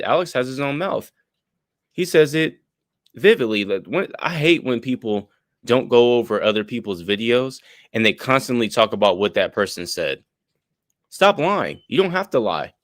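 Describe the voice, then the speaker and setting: A man's voice: mid-range voice, fairly bright tone, dry recording, studio quality. A man giving blunt, profane commentary on a live stream, lecturing with everyday examples.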